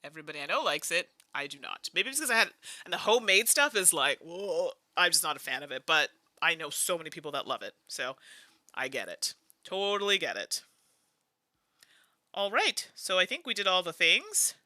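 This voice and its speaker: Chatty woman thinking aloud, bright voice. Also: fairly low pitch, very animated, normal speed, dry recording, clean studio sound. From Canada. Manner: thinks aloud while playing, chatty asides to viewers. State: tired. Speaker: host. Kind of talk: casual solo board game playthrough.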